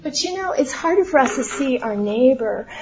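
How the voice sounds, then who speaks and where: A woman's voice: high-pitched, expressive, normal speed, muffled recording, crowd noise. A middle-aged woman praying and then teaching from the Bible in an earnest, conversational way, often asking rhetorical questions. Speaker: speaker at a church gathering. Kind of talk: prayer and Bible teaching talk.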